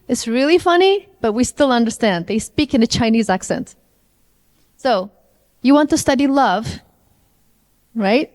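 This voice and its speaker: An IELTS trainer, a woman with a slightly high, darkish voice, gives an interactive language lecture to a live audience and often asks them questions. Long hall reverb surrounds the recording.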